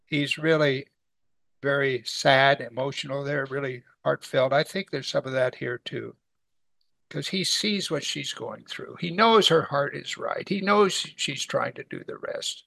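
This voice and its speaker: A man's voice: medium pitch, unhurried, vocal fry, sharp tone, dry recording. A man teaching a weekly Bible study in a conversational way, asking his class rhetorical questions.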